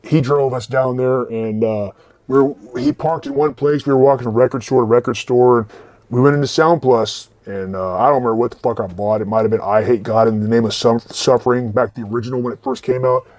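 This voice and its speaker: A man's voice: mid-range voice, fairly even intonation, brisk, a little mellow, dry recording. A man in his forties telling rambling, profane stories about record stores in a casual way. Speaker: vlogger and record collector. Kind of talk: casual storytelling.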